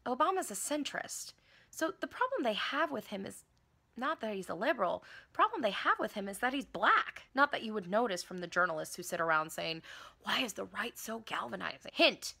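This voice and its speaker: A woman performing a satirical monologue in a sardonic, profane manner with sudden shouts. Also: medium pitch, very animated, a little fast.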